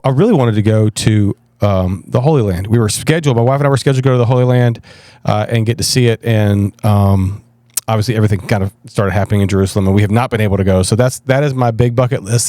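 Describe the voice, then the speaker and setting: A man, a pastor guest telling stories in an animated, self-deprecating way in a casual interview. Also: fairly low pitch, dry recording, studio quality. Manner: animated, self-deprecating storyteller with frequent restarts.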